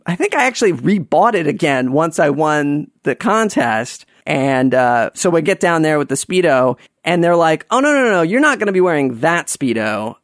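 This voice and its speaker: A man's voice: fairly high pitch, dry recording, studio quality. A man casually telling an anecdote, rambling with lots of fillers and restarts.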